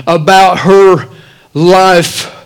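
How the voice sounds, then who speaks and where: A man, the pastor, preaching a sermon in a church, swinging between loud, animated stretches and quiet asides. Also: sits high, very slow, clean tone, rough recording.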